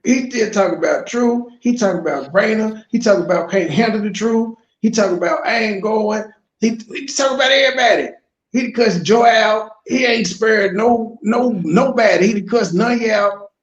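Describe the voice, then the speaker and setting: A man's voice: sits high, moderate pace, echoey room, lo-fi sound. A man hosting reaction commentary, profane and mocking as he rants. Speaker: commentary host.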